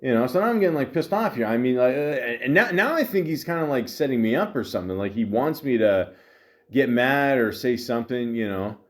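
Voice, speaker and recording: A man's voice: mid-range voice, lively intonation, brisk. A man hosting a podcast, telling a story in a rambling, exasperated way, full of fillers, restarts and swearing. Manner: exasperated retelling of an argument. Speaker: podcast host. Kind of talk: casual storytelling.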